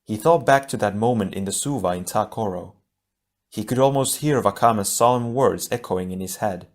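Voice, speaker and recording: A man narrating an adventure audiobook in a steady, measured storytelling voice. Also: fairly low pitch. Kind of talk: scripted narration.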